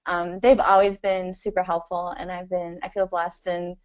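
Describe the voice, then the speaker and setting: A woman's voice: lowish voice, little pitch movement, normal speed, muffled recording. A woman talking as a podcast guest in a casual, rambling way, with frequent "you know" fillers and easy laughter. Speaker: interview guest. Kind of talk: casual conversational interview.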